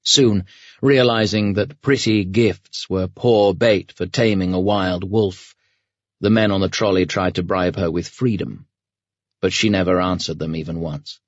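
A man narrating an audiobook in a measured, grave storytelling manner. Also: low voice, fairly even intonation, no echo, dull audio. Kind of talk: scripted narration.

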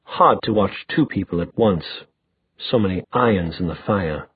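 A man reading a novel aloud in a measured, even storytelling manner. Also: low voice, husky, no room sound. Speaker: audiobook narrator. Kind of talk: scripted novel narration. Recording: dry tinny phone-like sound.

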